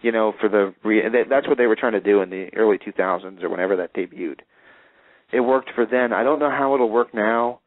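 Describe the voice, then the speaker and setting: A man's voice: on the low side, fairly quick, dry recording. A man hosting a wrestling talk show, chatting casually and rambling with restarts. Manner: rambling, restarts with filler words. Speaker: radio show host. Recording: tinny phone-line sound.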